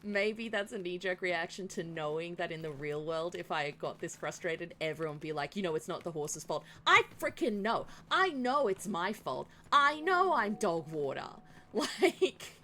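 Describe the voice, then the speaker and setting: A woman's voice: on the low side, very animated, unhurried, pushed and bright, slight background noise. A woman streamer commenting on a horse-riding game, who swears, groans and laughs at herself. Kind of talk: casual gameplay commentary.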